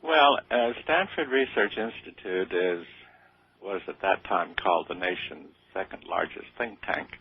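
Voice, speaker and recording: On a tinny, phone-like radio line, an older interviewee talks in a low, unhurried voice with a breathy edge and no echo. He is modest and hesitant, filling gaps with fillers and often restarting.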